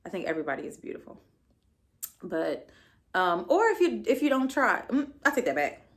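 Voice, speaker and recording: A woman's voice: mid-range voice, very animated, moderate pace. Sassy, blunt young woman podcast host. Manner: sassy, blunt and profane, with playful asides. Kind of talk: casual solo recap monologue.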